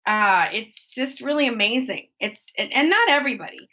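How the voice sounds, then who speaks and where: A woman's voice: on the high side, animated, normal speed, bright, forceful tone, muffled recording. A woman talking candidly as an interview guest. She is open and reflective, and she acts out her own inner thoughts in livelier voices.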